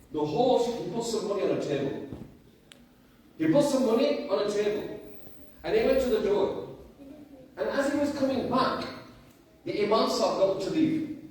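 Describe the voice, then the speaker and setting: A man's voice: high voice, a little mellow. A man giving a storytelling sermon, repeating lines for emphasis and firing rhetorical questions at his listeners. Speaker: preacher. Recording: echoey room, distant mic, faint noise.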